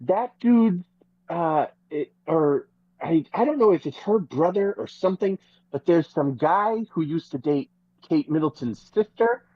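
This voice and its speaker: A podcast co-host in casual gossip chat, telling stories in an animated, profane way. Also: medium pitch, unhurried, dry recording, lo-fi sound. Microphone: podcast microphone.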